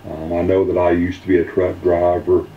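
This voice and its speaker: A man giving an earnest personal testimonial, halting and full of filler ums. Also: low-pitched, level tone, a little hiss or hum. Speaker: weight-loss testimonial speaker. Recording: roomy, distant, dull mic.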